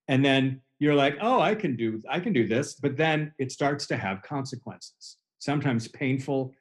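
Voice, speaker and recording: A man in his forties, a hypnotherapist and coach, explaining his work in an earnest way during a casual podcast conversation. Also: medium pitch. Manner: earnest, explanatory, builds on extended imagery.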